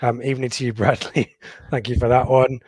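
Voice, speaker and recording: A man's voice: mid-range voice, flat delivery, a little mellow, breathy edge. Middle-aged man hosting football chat. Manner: halting, lots of ums and restarts. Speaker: podcast co-host. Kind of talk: casual football chat reading live comments.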